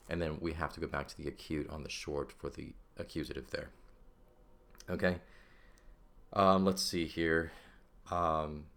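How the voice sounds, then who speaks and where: Very low-voiced man teaching a lesson. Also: fairly bright tone. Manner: explanatory, checks in with "okay?" and "right?". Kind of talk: recorded language lesson.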